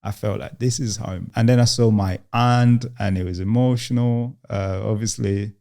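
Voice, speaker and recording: A young man from Uganda, a guest in an interview, telling his story in a halting way with many restarts and quoted lines. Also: lowish voice, steady tone, vocal fry, darkish tone. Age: young adult.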